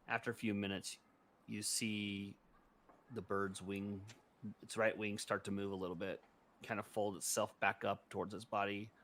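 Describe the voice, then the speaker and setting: A man's voice: fairly low pitch, a bit bright. A man narrating as game master for a tabletop game in a casual, hesitant way.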